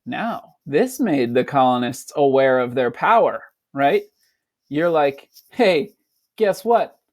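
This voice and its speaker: A man teaching a fourth-grade class, reading a passage aloud and explaining it, slipping into quick playful voices for the people in it. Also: mid-range voice, animated. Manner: breaks into quick, playful voices for kids and colonists.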